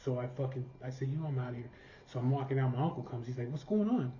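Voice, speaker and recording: A man's voice: medium pitch, level tone, racing, dark tone. A man telling a personal story in a blunt, profane, casual way, acting out what each person said. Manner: blunt, profane, voices the people he quotes. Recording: dull, slightly noisy recording.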